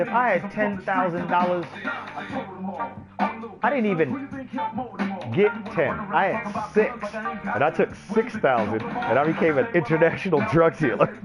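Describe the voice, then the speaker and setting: A man in a swaggering, profane, boastful rant, cursing freely. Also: fairly high pitch. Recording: muffled recording over loud music.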